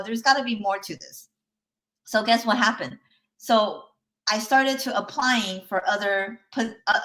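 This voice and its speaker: A woman with a medium-pitched, slightly bright voice is a life coach hosting a live online workshop. Chatty as she tells a personal story, she keeps checking in with listeners and gives a light laugh between points.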